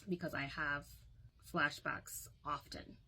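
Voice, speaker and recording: A woman's voice: deep voice, steady tone, slow, sharp tone, slightly rough, poor audio. A young woman recounting a painful personal story to her phone, candid and emotional, often quoting others.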